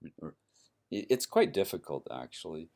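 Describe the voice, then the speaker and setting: A man's voice: a bass voice, sing-song, normal speed, darkish tone. A man giving a university lecture, explaining step by step and checking in with his listeners by asking "right?" as he goes. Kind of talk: recorded classroom lecture.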